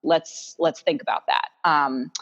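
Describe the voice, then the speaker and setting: Earnest low-voiced woman, dull lo-fi sound. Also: steady tone, a little slow, a bit bright. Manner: earnest and reflective. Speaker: podcast co-host. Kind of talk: heartfelt podcast conversation.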